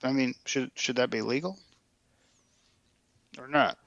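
Man, insistent podcast debater, forceful bright tone, dry dull lo-fi sound. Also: medium pitch, a little slow, vocal fry, no room sound. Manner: insistent, argues through analogies and rhetorical questions. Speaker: podcast co-host. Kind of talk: political debate chat.

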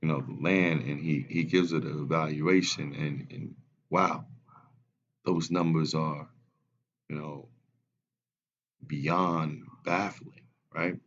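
Young man, unhurried and low, animated storyteller who laughs easily. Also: muffled recording. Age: 20s. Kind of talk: casual podcast chat.

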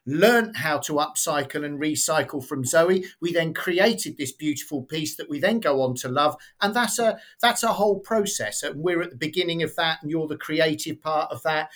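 A man's voice: on the high side, normal speed, few pauses, a bit bright. Enthusiastic man co-host. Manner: enthusiastic, builds points step by step. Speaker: podcast co-host, auctioneer. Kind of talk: casual podcast chat.

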